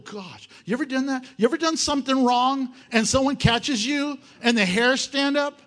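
A male pastor preaching a sermon in an animated, joking way, firing off rhetorical questions. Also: very high voice, normal speed, hardly any pauses.

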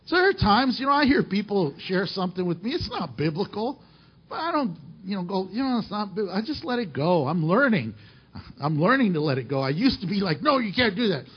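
A man's voice: sits high, sing-song, brisk, husky, muffled recording. A man preaching a sermon, emphatic and full of rhetorical questions to the congregation. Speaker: pastor.

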